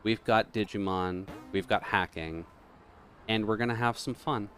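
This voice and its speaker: A man's voice: on the low side, measured pace, a bit bright, faint music behind. A man chatting casually on a live game stream, rambling and joking with viewers. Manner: rambling, joking, laughs often. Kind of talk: casual live-stream chat while gaming.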